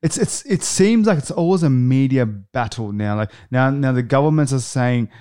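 Animated man, smooth dry voice. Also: medium pitch, normal speed, dry recording. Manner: animated, explaining with many restarts. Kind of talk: casual chat.

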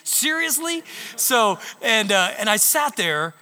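A male pastor preaching in a church sanctuary, a high, bright voice that tells stories and acts out the lines of others. It rings through a large hall with long reverb. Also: brisk. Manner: animated storytelling, acting out quotes. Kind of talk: sermon.

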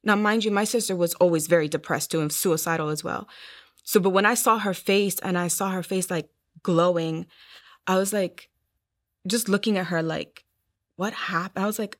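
A woman's voice: mid-range voice, a little fast. A young adult woman telling her personal testimony in an interview, earnest, acting out what others said. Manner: earnest storytelling, acting out quoted voices. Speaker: guest sharing her testimony.

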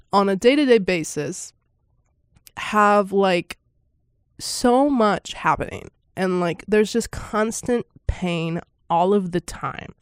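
A woman's voice: mid-range voice, smooth, dry recording, studio quality. A woman giving a casual first-reaction commentary on a film, rambling with lots of fillers and frequent laughter.

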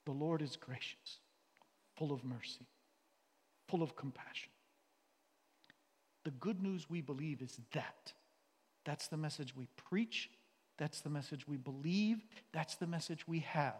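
High-voiced impassioned man preaching in a hall. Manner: impassioned, shifts between loud outbursts and quiet earnest stretches. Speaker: teacher and pastor. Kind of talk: sermon. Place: church or hall. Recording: long reverb of a hall.

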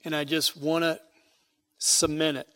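A man preaching a sermon as pastor, emphatic, swelling loud on key phrases and dropping soft at the ends of lines. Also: fairly high pitch, level tone, a little slow, smooth.

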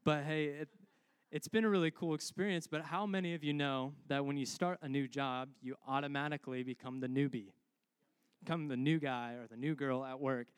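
A man's voice: medium pitch, fairly even intonation, fairly quick, clean tone, dry recording, clean studio sound. A young man preaching a sermon as a pastor, conversational and humorous, calling out to his congregation.

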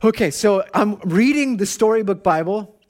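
A man in his thirties, a pastor, giving a conversational sermon and telling personal stories in an animated way. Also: high voice, normal speed.

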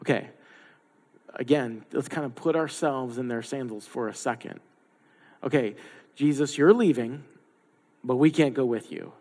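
A man's voice: mid-range voice, a little slow, pauses often, a little mellow. A man giving a sermon in a conversational way, slipping into the voices of the people he quotes with playful asides. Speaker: pastor. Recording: long hall reverb.

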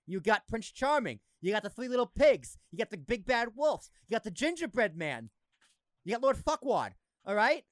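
A young man hosting a podcast, chatting casually, excitable, swearing and laughing a lot. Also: high voice, moderate pace, dry recording. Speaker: podcast host. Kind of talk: casual chat.

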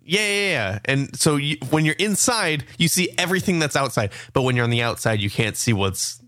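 Giggly man with a bright voice. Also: on the high side, brisk, no room sound, clean studio sound. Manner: excitable, giggly, tripping over words. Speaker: morning show co-host. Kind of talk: casual chat.

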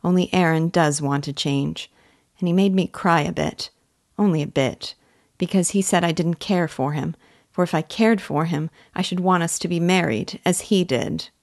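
A loving young village daughter, soft-spoken and earnest, as a woman reader gives her voice. The voice sits low and sounds close and dry, with no room around it. It carries a gentle warmth. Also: moderate pace, no room sound, natural voice.

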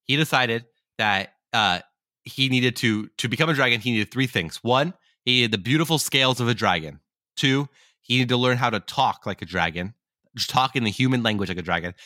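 A man's voice: lowish voice, moderate pace, sharp tone, dry recording, studio quality. A man co-hosting a podcast, casually telling a long story and often correcting himself as he goes. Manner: rambling, self-correcting. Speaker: podcast co-host.

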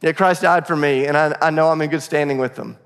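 Man preaching, somewhat high voice, conversational storytelling, long church-hall reverb. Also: fairly even intonation, fast talker, clean tone. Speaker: pastor. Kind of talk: sermon. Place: church auditorium.

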